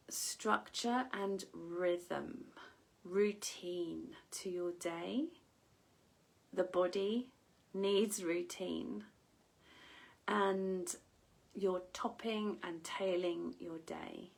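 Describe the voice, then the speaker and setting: A woman wellness coach giving a slow, gentle motivational talk, often dropping into breathy half-whispers. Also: mid-range voice, low-quality recording.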